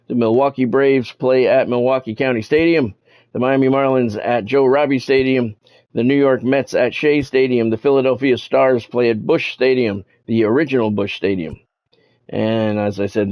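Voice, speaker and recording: A man's voice: medium pitch, muffled recording. A man casually commentating his baseball video game on a live stream, chatting with viewers by name and swearing when annoyed. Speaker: gaming streamer.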